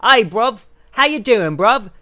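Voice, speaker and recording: A man's voice: extremely high pitch, expressive, slow pace, bright, forceful tone, no room sound, clean studio sound, voice pushed up, full character voice. A man putting on an exaggerated London accent to play a jokey stereotyped cockney bloke. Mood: mocking. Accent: exaggerated London (put on). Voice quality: exaggerated, cartoonish.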